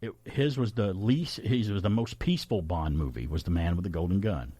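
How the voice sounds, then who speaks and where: A man hosting a radio show, chatting casually through trivia numbers in an animated way and laughing often. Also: low voice, brisk, breathy edge, no echo. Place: radio studio. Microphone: studio microphone.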